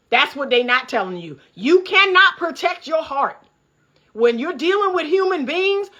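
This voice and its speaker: A relationship coach with a high-pitched, sharp voice delivers fired-up, preachy commentary directly to her viewers in a casual vlog. She laughs often as she talks. She's filming in an upstairs room at home, beside a window.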